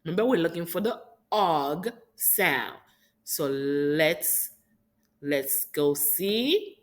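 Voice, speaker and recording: Slow, lively woman teaching phonics. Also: low-pitched. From Haiti. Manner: slow, encouraging, sing-song teacher talk. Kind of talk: phonics lesson for young children.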